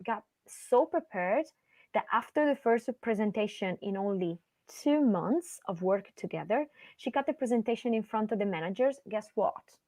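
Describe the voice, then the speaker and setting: A woman co-hosting a podcast as a voice and confidence coach, talking animatedly and swinging her voice high and low to make her points over a webcam call. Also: lively intonation, moderate pace, a little mellow, no echo. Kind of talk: casual podcast chat.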